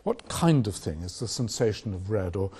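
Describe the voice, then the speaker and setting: An older man giving a university philosophy lecture, measured and reflective, posing rhetorical questions. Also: fairly low pitch, big pitch swings, warm tone, breathy edge. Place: lecture hall.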